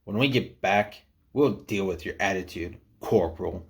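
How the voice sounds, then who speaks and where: Deep-voiced male sergeant played by a man, barking orders, strict, hot-tempered, military story. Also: moderate pace. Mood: stern. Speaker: squad sergeant.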